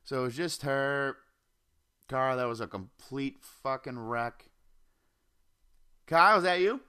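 A man's voice: medium pitch, slow, sharp tone, smooth. A young man hosting his own podcast from home, ranting casually, swearing constantly and jumping from topic to topic on a desk mic. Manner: profane, rambling, jumps off topic. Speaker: podcast host. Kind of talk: casual solo rant. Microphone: home computer or desk mic.

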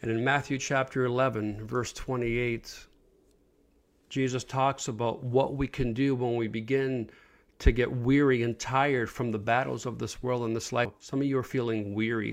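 Gravelly-voiced man preaching earnestly. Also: medium pitch, fairly even intonation, a little fast. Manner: earnest, asks the listener questions. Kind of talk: informal online sermon.

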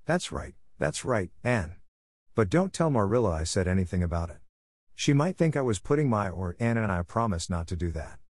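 A man playing a shy, gentle old farmer. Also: on the low side, big pitch swings, moderate pace, no echo, clean studio sound. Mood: coaxing. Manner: coaxing, hesitant, kindly.

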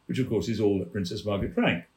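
A man, a theatre producer telling anecdotes on a chat show, animated and laughing as he goes. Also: lowish voice, fast, roomy sound. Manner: animated storyteller, laughing mid-story.

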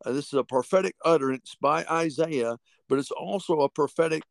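On a podcast, a man teaches from the Bible with fervent conviction, reading scripture slowly and repeating key phrases. His voice is a little high and creaky, with no echo.

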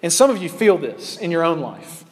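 A man delivers a sermon as pastor, earnest and deliberate, stretching out his key phrases for weight. His voice sits somewhat high for a man. The sound rings with the long reverb of a large hall, as in a church sanctuary. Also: sing-song, darkish tone, slightly rough.

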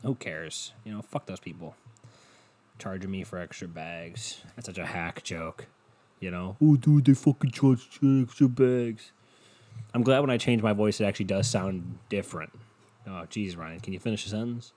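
With a low voice at a moderate pace, a young podcast host rambles alone at home in a crude, self-mocking way laced with swearing. He records on a cheap desk mic and wears headphones.

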